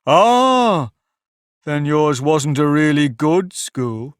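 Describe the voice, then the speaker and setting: A man voicing a sorrowful male Mock Turtle in an audiobook, sighing and drawing his words out slowly. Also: medium pitch, smooth, dry recording, clean studio sound, lightly acted. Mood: mournful. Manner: slow, drawn-out, mournful delivery. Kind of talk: audiobook character voice.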